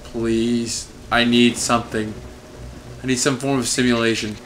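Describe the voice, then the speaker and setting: A man's voice: medium pitch, flat delivery, a little slow, fairly bright tone, slight background noise. A young man giving sarcastic, exasperated commentary while playing a video game. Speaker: let's play host. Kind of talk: gameplay commentary.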